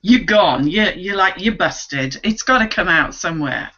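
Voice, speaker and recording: A woman, co-hosting a casual online chat, animated and laughing often as she acts out voices. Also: lowish voice, measured pace, lo-fi sound. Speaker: co-host.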